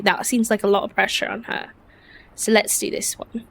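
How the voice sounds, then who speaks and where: A woman's voice: mid-range voice, little pitch movement, moderate pace, creaky, fairly bright tone, slight background noise. A woman streaming a farming game, chatting casually with her viewers in a self-deprecating, giggly way. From United States. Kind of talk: casual chat while gaming.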